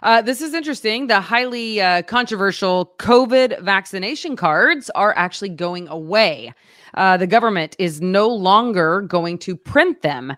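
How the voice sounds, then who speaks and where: A woman co-hosting a casual local news show, chatty and quick to laugh, with many fillers. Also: mid-range voice, expressive, fairly bright tone, no room sound, studio quality.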